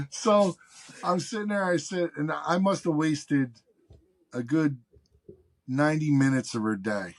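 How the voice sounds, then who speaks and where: A man's voice: a little high, a little slow, pauses often, slight background noise. A man, a guest on a podcast, telling a story in casual chat, acting out the callers and swearing freely. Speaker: guest, venue box office manager.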